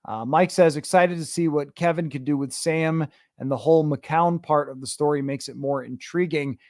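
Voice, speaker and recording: A man with a fairly high voice hosts a sports podcast in a loose, conversational way, reading out viewer comments and answering them with opinionated asides. The sound is dry and close, with no room echo. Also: normal speed, darkish tone. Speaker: podcast host.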